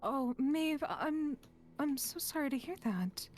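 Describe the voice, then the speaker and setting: A woman voicing a halting, anxious adventurer. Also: sits high, animated, a little hiss or hum. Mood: worried. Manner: halting, trailing off into a soft whisper. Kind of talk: in-character role-play.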